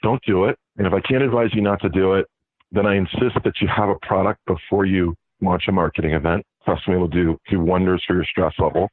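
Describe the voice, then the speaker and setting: A man's voice: low-pitched, steady tone, brisk, dry recording. A man, a podcast guest, telling a story with self-mocking humor. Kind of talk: casual storytelling. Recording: dry tinny phone line.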